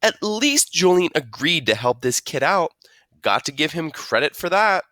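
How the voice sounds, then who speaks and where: A man's voice: a little high, sing-song, moderate pace, pushed and bright, no room sound, clean studio sound, pitched above the performer's own voice. A man voicing a firm, scolding mother in a storybook read-aloud. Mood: reasoning. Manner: scolding, lecturing.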